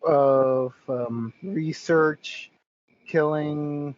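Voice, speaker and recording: A man's voice: on the high side, steady tone, drawn-out words, highs cut off, a little hiss or hum. A man appearing as a guest on a casual discussion podcast, speaking hesitantly and often starting with "I mean.".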